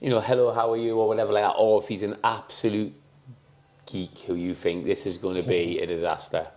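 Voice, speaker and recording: A man's voice: lowish voice, little pitch movement, brisk, darkish tone. A British man on a podcast, a former footballer, joking and teasing in casual chat and mimicking the people he talks about. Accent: British English.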